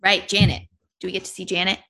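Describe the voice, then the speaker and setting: A woman co-hosting a casual chat, reacting with quick exclamations and teasing comments. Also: mid-range voice, flat delivery, creaky, pushed and bright. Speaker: podcast co-host.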